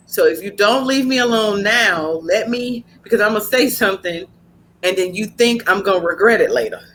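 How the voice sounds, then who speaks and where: Woman podcast host, punchy and blunt, bright edge to the voice. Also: mid-range voice, a little hiss or hum. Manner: blunt, animated storytelling with slang. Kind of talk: casual podcast chat.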